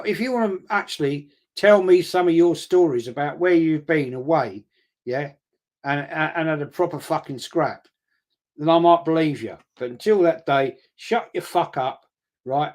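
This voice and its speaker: A man's voice: on the high side, darkish tone. An older man, hosting a football watch-along and telling blunt, sweary, confrontational stories in casual chat. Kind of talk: casual live-stream chat.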